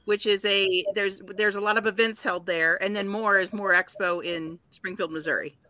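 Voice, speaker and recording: A woman with a bright, forceful voice co-hosts a podcast. She explains things wryly, and her voice sounds dry and close to the mic. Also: mid-range voice, fairly even intonation, moderate pace, dry recording. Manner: wry, explaining, steering talk. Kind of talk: casual chat.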